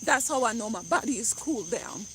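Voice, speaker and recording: A woman's voice: fairly high pitch, expressive, fairly quick, a little hiss or hum. A woman chatting bluntly and jokingly to her viewers in a casual vlog, recorded on a phone outdoors beside a car. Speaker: vlogger.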